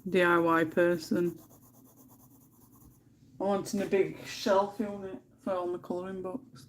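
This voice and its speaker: A woman's voice: lowish voice, level tone, a little slow, a little hiss or hum. A woman hosting a casual livestream from her home, chatting and telling stories in a giggly way while she colours. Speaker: livestream host. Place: home room.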